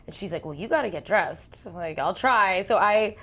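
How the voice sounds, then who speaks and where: In a casual interview, a singer-songwriter in her thirties shares stories with an animated energy, acting out quotes and laughing a lot. Her voice sits at a medium pitch, and she talks at a moderate pace.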